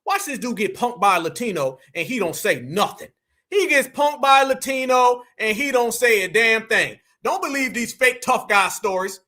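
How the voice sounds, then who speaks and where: Guy reacting to a clip, real high voice, bright and sharp, mocking the whole time. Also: moderate pace. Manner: mocking, taunting, slangy street talk. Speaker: commentary host.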